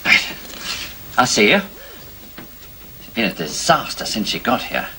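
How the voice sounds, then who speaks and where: An actor playing a blunt, grumbling British army major in a 1980s TV sitcom. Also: male voice, on the low side, very animated, a little slow, sharp tone, full character voice. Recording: very noisy old TV recording.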